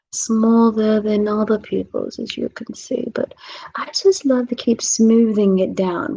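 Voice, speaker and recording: A woman vlogger in a relaxed self-care chat, talking softly and drawing out her words, often dropping into a whisper. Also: medium pitch, creaky, breathy edge, poor audio. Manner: slow, drawn-out, soft, drifting into whispers.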